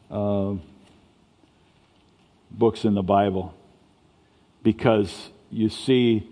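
Pastor guy preaching, chatty, trips over his words, mellow and roomy. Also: fairly low pitch. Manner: conversational preaching with stammered restarts. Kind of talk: sermon. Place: church sanctuary. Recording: long reverb of a church hall.

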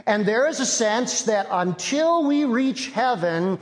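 High-voiced preacher with slow, echoing delivery. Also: male voice, animated. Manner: earnest storytelling preacher. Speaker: pastor. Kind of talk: sermon. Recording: long reverb of a large hall.

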